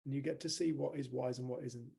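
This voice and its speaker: A man leads a workshop with a motivational talk. His voice is gravelly and mellow, with a relaxed, conversational delivery that turns to storytelling in quoted dialogue. He speaks at an ordinary, mid-range pitch for a man. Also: fast talker. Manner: conversational, retelling stories with quoted dialogue and growing animation. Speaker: workshop leader.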